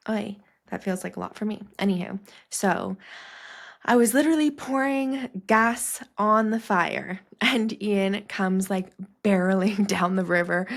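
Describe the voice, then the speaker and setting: A young woman podcast host shares personal memories in a rambling, casual way packed with fillers, crying at times and laughing through tears. Her voice is mid-range and gravelly.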